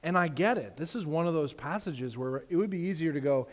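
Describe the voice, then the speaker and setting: A man's voice: fairly high pitch, animated, brisk, few pauses. A man preaching a sermon as pastor, casual and conversational, acting out the people in his story. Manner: storytelling with voiced characters, conversational asides. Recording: long reverb of a large hall.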